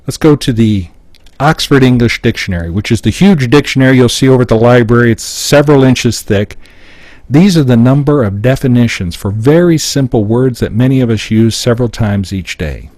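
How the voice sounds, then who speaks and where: Before an audience in a seminar room, a male seminar speaker makes his points with emphasis and performs short sample lines during a live public-speaking session. His mid-range voice is animated, slightly fast, and a little mellow, with no echo.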